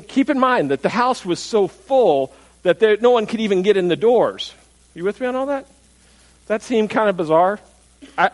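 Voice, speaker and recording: Animated male pastor telling a story. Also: a little high, low-quality recording. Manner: animated storytelling, acts out crowd voices; conversational, asks the audience questions. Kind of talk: sermon.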